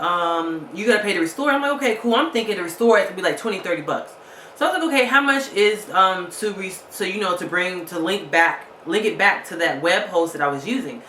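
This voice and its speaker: A woman's voice: medium pitch, lively intonation, fairly quick, a bit bright, reverberant, slight background noise. A woman vlogger telling a story casually, angry and fed up, retelling a phone call with lots of quoted back-and-forth.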